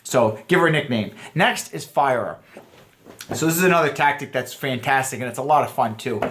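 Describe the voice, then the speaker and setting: A man's voice: medium pitch, fairly quick, fairly bright tone, slight background noise. A man, a dating coach, giving a loose, rambling instructional talk full of fillers and restarts. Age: adult.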